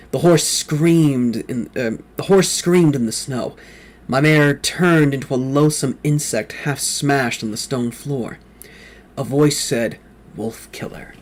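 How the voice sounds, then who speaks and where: A man reads a novel aloud in the first person, his voice sitting at a middling pitch. His delivery is dramatic and builds in intensity. Now and then he trips over a word and corrects himself. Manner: reads with rising intensity, quoted lines shouted or whispered; occasional slips and self-corrections mid-sentence. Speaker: fan reader of a novel.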